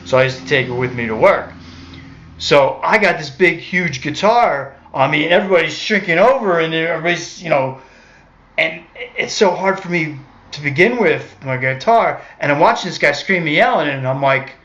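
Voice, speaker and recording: A street musician with a slightly high, animated, somewhat bright voice tells a personal story at a moderate pace. He's casual and conversational, rambling and correcting himself as he goes, on a dull lo-fi recording.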